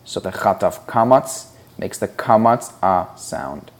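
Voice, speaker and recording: A man with a low, expressive voice gives a Hebrew reading lesson at a measured pace. He explains patiently, sounding out syllables one at a time in a slow, deliberate instructional style.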